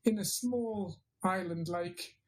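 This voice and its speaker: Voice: mid-range voice, takes it slowly, a little hiss or hum, low-quality recording. A teacher, giving a thoughtful interview answer with frequent hesitations and restarts. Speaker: interviewed English teacher and trainer.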